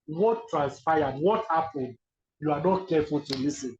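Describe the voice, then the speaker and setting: A man with a Nigerian accent giving an animated webinar lecture, often acting out the people he quotes. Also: a little high, normal speed, roomy sound. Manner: animated, acts out quoted speakers. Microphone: video call. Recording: dull lo-fi video call audio.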